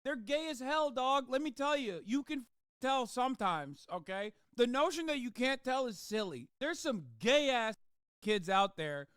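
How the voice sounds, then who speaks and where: High, clear-voiced man ranting on stream. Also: animated, unhurried, fairly bright tone, no echo, clean studio sound. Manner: profane, sarcastic ranting. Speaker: livestreamer. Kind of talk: livestream commentary.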